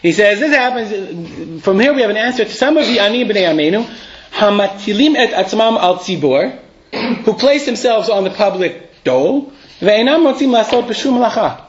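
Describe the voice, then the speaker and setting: A man's voice: sits high, expressive, normal speed, dull audio, a little hiss or hum. A man teaching a live Torah class. He reads Hebrew and Aramaic passages aloud, explains them conversationally and asks his students questions.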